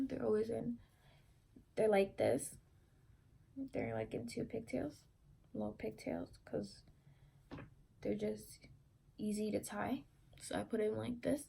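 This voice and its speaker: A woman's voice: a little high, creaky, a bit bright. A young woman vlogger casually retelling a story to camera, rambling and correcting herself as she goes.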